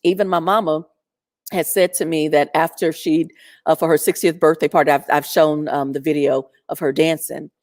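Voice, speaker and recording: A middle-aged woman telling a personal story in an animated, chatty way with lots of fillers. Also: deep voice, normal speed, dry recording, clean studio sound.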